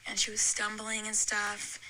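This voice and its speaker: A woman's voice: medium pitch, completely flat delivery, measured pace, pushed and bright, slight background noise, low-quality recording. A young woman telling a long, rambling story in casual chat, with lots of "like" and restarts. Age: young adult. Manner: chatty, rambling story with many likes. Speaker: podcast guest.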